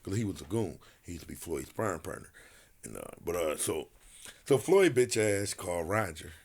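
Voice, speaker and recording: A man who is a retired boxer, guesting on a podcast and telling a story in an animated, profane way while acting out the quotes. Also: deep voice, moderate pace, husky.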